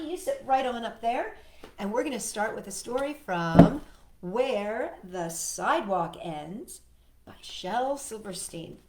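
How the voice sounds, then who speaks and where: A woman hosting a children's storytime, reading a picture book aloud in a gentle, expressive way and chatting to a puppet. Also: fairly high pitch, slight background noise. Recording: roomy echo, faint music.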